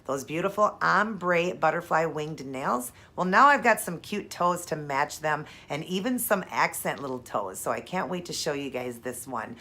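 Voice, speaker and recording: Very low-voiced woman showing her nail work. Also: lively intonation, normal speed, few pauses, pushed and bright. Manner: chatty, upbeat, explains step by step. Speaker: nail art vlogger. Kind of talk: casual tutorial chat.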